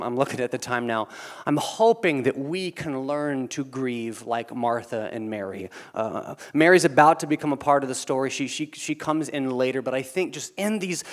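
A man preaching a sermon in a casual, conversational way, swinging between loud emphatic lines and quiet, low asides. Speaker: pastor.

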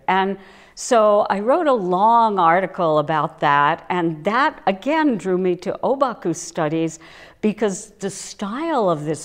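A woman art historian talking through her research path as an interview guest, in a thoughtful, measured way. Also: fairly low pitch. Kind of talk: recorded academic conversation.

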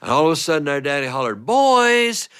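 A man performing a playful family story for listeners, animated and often breaking into laughter. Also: mid-range voice, very fast, smooth.

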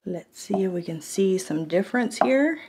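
Here the same kind of cookware review comes in a mid-range voice at a moderate pace, with a noisy background. A woman vlogger puts on an American country twang and tests products at her home kitchen counter, chatty and jokey, with animated, laughing asides.

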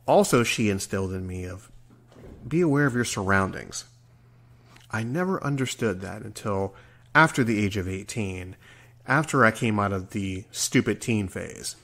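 A man's voice: on the low side, expressive, moderate pace, fairly bright tone. A man in his forties hosting a solo podcast, earnest and rambling, sometimes stumbling over his words. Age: 40s. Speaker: podcast host. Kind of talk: reflective solo podcast monologue.

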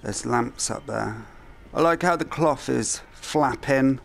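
A man muses aloud through a let's-play, unhurried and gravelly, muttering his plans into a headset mic. Faint game sounds hum behind him. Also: mid-range voice. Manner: thinking aloud, muttering to himself. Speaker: gamer.

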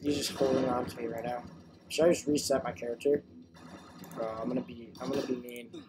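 A young man giving excitable live commentary while playing a video game, yelping and shrieking whenever his character dies. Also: mid-range voice, brisk, noisy background. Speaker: gamer.

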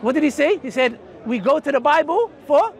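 A man's voice: extremely high pitch, lively intonation, fairly quick. A man debating in an outdoor park, mocking and emphatic, talking to the crowd. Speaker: street debater. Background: crowd chatter.

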